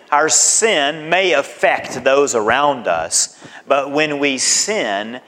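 A man preaching a sermon as pastor, emphatic and deliberate, with dramatic swings in his voice. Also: mid-range voice, fairly bright tone. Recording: long hall reverb.

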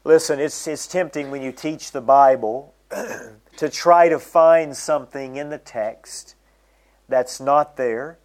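A middle-aged man preaching a sermon, reading scripture aloud and slowing down to stress its key phrases. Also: medium pitch.

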